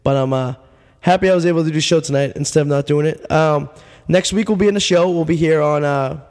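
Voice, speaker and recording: A male radio host, telling a rambling, deadpan absurd story full of fillers, his voice getting worn. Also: a little high, fast, long reverb tail. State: losing his voice. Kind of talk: casual storytelling monologue.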